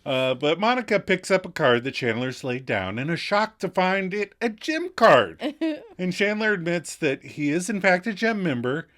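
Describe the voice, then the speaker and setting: A man's voice: sits high, sing-song, moderate pace, a bit bright. Man, podcast co-host, casual recap, wry asides, laughs a lot, voice swoops all over.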